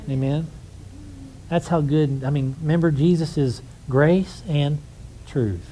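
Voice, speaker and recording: A man's voice: a little high, takes it slowly, dark tone, a little hiss or hum, rough recording. Man preaching a story-sermon. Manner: conversational storytelling, acts out quoted voices. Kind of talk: sermon with storytelling and closing prayer.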